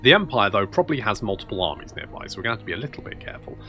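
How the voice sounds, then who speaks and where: Man, let's play host, sweary, thinking aloud, animated pitch. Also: racing, faint music behind. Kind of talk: gameplay commentary.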